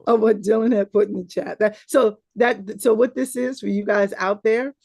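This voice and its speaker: A woman's voice: medium pitch, steady tone, moderate pace, vocal fry, darkish tone, no echo, studio quality. A woman guest telling an amused, chatty story on a live show. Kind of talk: casual chat.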